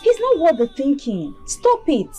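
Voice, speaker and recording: A woman's voice: high voice, a little slow, music in the background, heavily acted. A woman playing a friend who comforts and chides in a film drama. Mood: chiding. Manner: comforting, chiding, lively. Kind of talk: Nollywood film acting.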